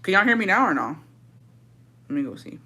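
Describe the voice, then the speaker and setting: Foul-mouthed young woman telling a bright story. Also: medium pitch, fairly quick. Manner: profane, blunt and animated storytelling. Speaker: live streamer. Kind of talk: casual storytime on a live stream. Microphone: phone with headphones.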